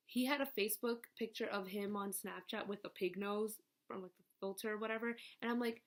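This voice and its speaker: A young woman telling a personal story in a casual vlog at home, animated and jumping to high squeals when quoting others. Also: a little fast. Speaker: vlogger.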